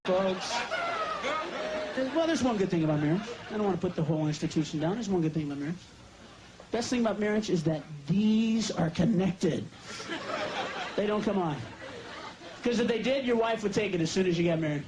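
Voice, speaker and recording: A man doing a stand-up routine, loud and animated, talking directly to the crowd. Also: sits high, a little fast, long pauses, music in the background, rough recording. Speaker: stand-up comedian. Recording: live recording with loud background noise.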